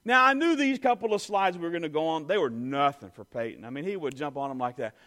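A man telling an animated personal story to an audience, full of "you know" and "I mean". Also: on the high side, quick pace.

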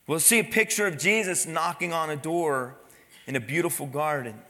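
Bright high-voiced preaching man. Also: normal speed, long reverb tail. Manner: dramatic preaching, acting out crowd voices. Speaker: pastor. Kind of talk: sermon.

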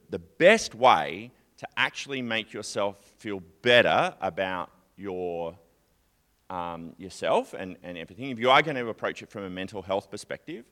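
A man giving a conversational sermon, chatty and animated, sometimes acting out a distressed psalmist's prayers. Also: fairly low pitch. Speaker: preacher.

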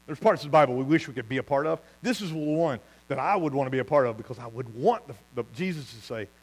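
A man preaching a sermon as pastor, telling stories with lively asides and laughing at his own jokes. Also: mid-range voice, fast talker, rough recording.

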